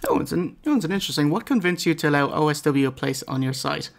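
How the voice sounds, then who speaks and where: A man's voice: a little high, animated, quick pace, vocal fry. An Irish man hosting a podcast, reading out listener questions and bantering casually with a guest. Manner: casual, joking, swears. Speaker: podcast host.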